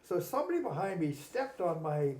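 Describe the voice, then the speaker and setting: Man telling lively anecdotes. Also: on the high side, brisk. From Nanaimo, Canada. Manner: animated anecdotes, acts out quotes. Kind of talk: casual storytelling. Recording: roomy echo.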